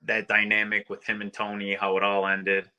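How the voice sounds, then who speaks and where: A man's voice: lowish voice, monotone, normal speed, bright, forceful tone, clean tone, lo-fi sound. A man from New York State, a barber and podcast guest, in easygoing casual chat.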